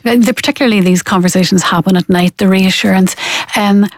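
Woman guest, mid-pitched, lively and explanatory, dry close-miked studio sound. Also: brisk, dry recording. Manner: animated, acts out quoted parents. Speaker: parenting expert guest. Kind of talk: conversational interview explanation.

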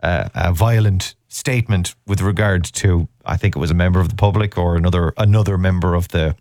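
A man's voice: low-pitched, brisk, darkish tone, dry recording, clean studio sound. A man with an Irish accent hosting a radio show, rambling and chuckling, trailing off with ums. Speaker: radio host. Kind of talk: chatty radio banter. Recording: music bed behind.

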